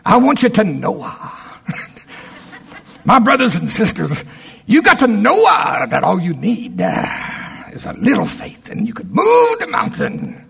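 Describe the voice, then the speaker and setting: Brief: a pompous old-time preacher put on by a man, drawn-out sing-song, husky and high. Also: huge pitch swings, a bit bright, exaggerated voice. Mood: mocking.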